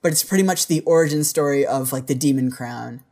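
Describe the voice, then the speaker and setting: A man's voice: mid-range voice, brisk, darkish tone. A man co-hosting a podcast in casual chat, rambling with lots of filler words. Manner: rambling, filler-heavy speech. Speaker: podcast co-host.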